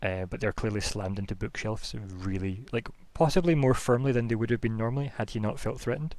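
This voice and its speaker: A man's voice: lowish voice, steady tone, a little fast, darkish tone, no echo. A man narrating a tabletop game as game master, rambling with lots of fillers.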